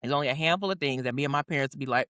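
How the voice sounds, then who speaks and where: A woman's voice: rumbling low, rapid-fire, fairly bright tone, no echo, studio quality. A woman co-hosting a podcast, speaking earnestly and reflectively in casual conversation and repeating her key points. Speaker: podcast co-host.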